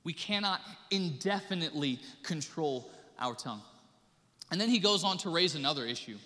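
Man, pastor, animated sermon, high voice, long church reverb. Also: normal speed. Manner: animated preaching with acted-out quotes. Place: church sanctuary.

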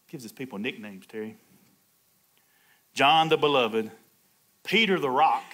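A male pastor preaching a sermon, swinging from loud, high exclamations to soft, low asides and chuckling between points. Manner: call-and-response preaching, laughs between points.

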